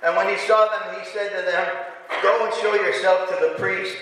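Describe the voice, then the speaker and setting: A man's voice: high-pitched, flat delivery, normal speed, fairly bright tone. A man preaching a sermon to a congregation, asking rhetorical questions and building to emphatic passages. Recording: echoey hall from far off, faint room noise.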